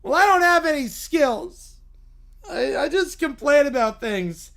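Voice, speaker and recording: A man voicing a grumpy little bear cub who whines, stretches his words and shouts his complaints about work. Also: very high-pitched, expressive, creaky, pitched above the performer's own voice, heavily acted. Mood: whiny complaining. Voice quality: whiny, complaining. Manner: drawn-out, loud, near-shouted protests.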